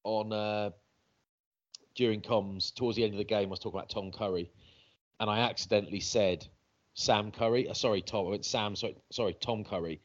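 A low-voiced man talks casually on a podcast, telling stories with sudden bursts of excitement. The sound is a little dull and muffled. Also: brisk. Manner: animated, swearing storyteller. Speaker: rugby commentator and podcast co-host. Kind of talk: casual chat.

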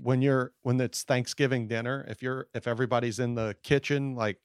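A male podcast host with a mid-pitched voice chats loosely and swears freely. His sentences often trail off into quiet mumbles. The mic is close and the sound is dry. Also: steady tone, a little fast, smooth, dry recording. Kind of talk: casual podcast chat.

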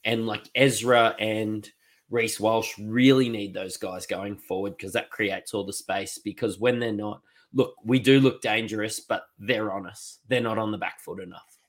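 Low-voiced man, relaxed. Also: moderate pace. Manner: relaxed, joking, thinks aloud. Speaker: podcast co-host. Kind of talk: casual fantasy sports chat.

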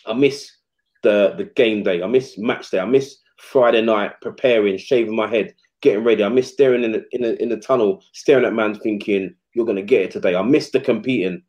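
A man's voice: lowish voice, fairly quick. Casual man in his 40s, chatty anecdote-teller, slightly dull recording. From England. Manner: animated, slangy, acts out quotes. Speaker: retired footballer guest. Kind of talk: casual storytelling interview. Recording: slightly muffled podcast audio.

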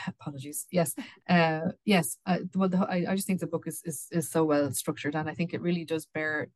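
A woman's voice: deep voice, fairly even intonation, moderate pace, dry recording. A woman co-hosting a book podcast, talking casually with lots of restarts and repeated words. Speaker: podcast co-host. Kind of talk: casual book discussion with read-aloud passages.

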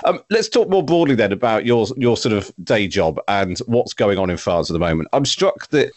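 A man's voice: lowish voice, big pitch swings, normal speed, dry recording. A man hosting a podcast, asking long, conversational questions that wander before landing. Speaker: podcast host. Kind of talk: interview questions.

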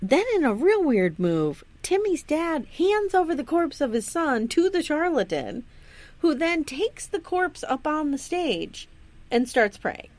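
Animated, laughing woman podcaster. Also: high voice, unhurried. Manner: animated, laughing, acts out quotes; swears casually. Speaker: podcast co-host. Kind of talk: casual chat, recapping an episode.

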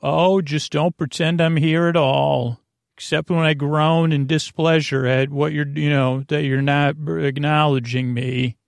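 A man's voice: a little high, little pitch movement, unhurried, vocal fry, no room sound. A man putting on a fussy passive-aggressive old nana.

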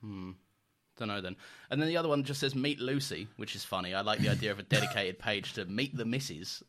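A man's voice: lowish voice, brisk, a bit bright. A man co-hosting a casual podcast, swearing freely and laughing often as he talks. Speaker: podcast co-host. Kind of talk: casual chat.

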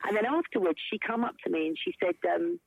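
A middle-aged woman telling stories as a guest in a casual chat, animated and full of swings in her voice. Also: lowish voice, fast talker, vocal fry, dry recording. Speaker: guest, stage performer. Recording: tinny phone line, dry.

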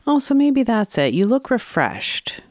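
A woman's voice: on the high side, unhurried, no echo. A woman co-hosting a podcast in casual chat, talking in a chatty, affectionate way. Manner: chatty, affectionate, lively intonation. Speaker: podcast co-host.

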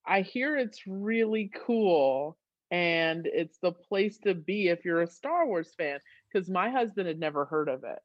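A woman in her thirties, a guest on a podcast, telling a story with lots of laughter and high excited squeals. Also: a little slow, no echo, lo-fi sound. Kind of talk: casual storytelling.

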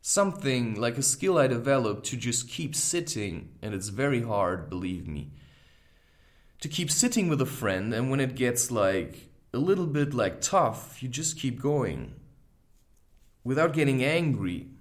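A man's voice: medium pitch, very animated, unhurried. A man in his thirties, hosting a podcast and telling a personal story in a reflective, candid way, full of asides like "you know" and "right". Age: 30s. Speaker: podcast host.

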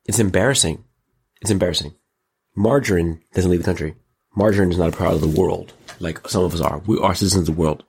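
A man hosting a show, giving casual, mocking commentary on pop culture and politics in an animated way. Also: fast, husky. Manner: animated, mocking, jumps into high exclaims. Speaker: show host.

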